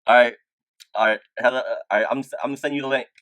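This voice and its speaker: A man's voice: mid-range voice, steady tone, fast talker, a bit bright, no echo. A man hosting a podcast in casual chat. He is laid-back and often hesitates or restarts his sentences. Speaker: podcast host.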